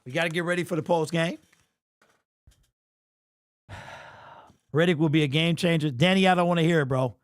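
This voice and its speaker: A young man hosting a fan livestream postgame show, talking excitedly and casually to his chat in slang. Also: fairly high pitch, moderate pace, pauses often, dry recording. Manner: excitable, slangy, talks straight to the chat with lots of "bro".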